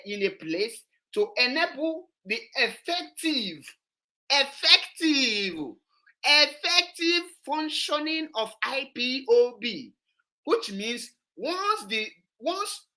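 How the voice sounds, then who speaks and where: A woman's voice: fairly high pitch, bright, forceful tone. A woman, hosting an online show and commenting on a played clip, emphatic and repetitive. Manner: emphatic, repetitive, switches into Igbo.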